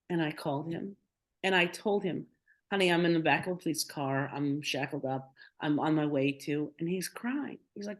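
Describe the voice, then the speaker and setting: Woman telling a personal story, lowish voice. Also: normal speed. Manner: emotional, animated retelling with quoted dialogue and many restarts. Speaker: podcast guest.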